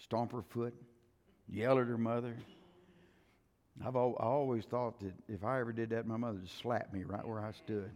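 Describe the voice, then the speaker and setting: An older man preaching a sermon in a folksy style, acting out quotes and swinging between loud and soft. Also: mid-range voice, little pitch movement, normal speed. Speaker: pastor. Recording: long reverb of a church hall.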